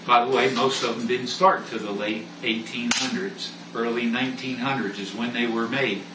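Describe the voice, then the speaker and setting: A man leading a Bible study group, reading scripture aloud and telling stories in an animated way. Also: medium pitch, moderate pace. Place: room with a small study group. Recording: roomy sound from a distant mic with faint noise.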